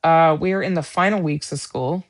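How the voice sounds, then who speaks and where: A woman's voice: sits low, normal speed. A middle-aged woman hosting a livestream Bible study, talking in an earnest, rambling casual chat with many fillers.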